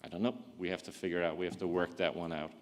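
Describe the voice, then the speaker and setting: A man with a fairly low voice gives a conference presentation. He often restarts and repeats words while working out his point. His voice rings with the long reverb of a large hall. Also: little pitch movement, quick pace. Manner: thinking aloud with frequent restarts and repeated words. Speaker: conference speaker. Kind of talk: conference talk.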